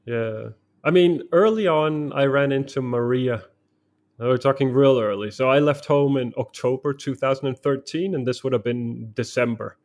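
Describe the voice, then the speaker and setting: A man, speaking at an ordinary middle pitch, sits as a podcast guest. He tells a long anecdote in the present tense, taking his time and scattering fillers and small chuckles through the story. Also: normal speed, a little mellow. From Denmark. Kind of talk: casual storytelling.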